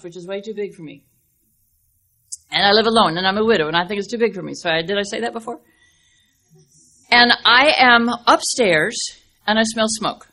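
An older woman delivers a sermon with a slightly high voice. She is earnest and emphatic and stretches out key words for weight. She slips easily into folksy storytelling. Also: bright, forceful tone. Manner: earnest, emphatic, speeds up and slows down for stress; folksy storytelling with acted-out dialogue. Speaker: speaker at a women's Bible teaching.

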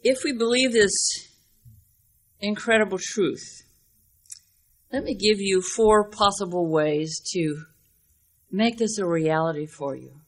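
An older woman preaching a sermon in an earnest, emphatic way, slowing down to stress key words and telling folksy stories with acted-out dialogue. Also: mid-range voice. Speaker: speaker at a women's Bible teaching.

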